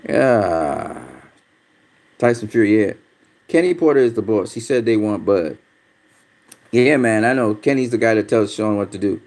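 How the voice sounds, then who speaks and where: A man's voice: fairly low pitch, animated, normal speed, long pauses, a little mellow. A man hosting a casual livestream, talking bluntly with lots of swearing and getting easily frustrated as he reads viewer comments. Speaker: livestream host. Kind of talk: casual livestream chat about boxing, reading viewer comments.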